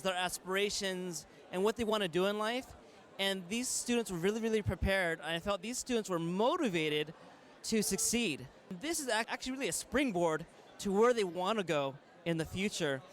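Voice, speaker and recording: A man's voice: high-pitched, a bit bright. A man who mentors youth, speaking in an earnest, motivational way. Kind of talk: interview answer.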